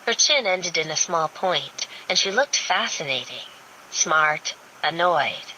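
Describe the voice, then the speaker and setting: A woman narrating a romance audiobook in a steady, even reading. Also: low voice, slow, a little hiss or hum, rough recording.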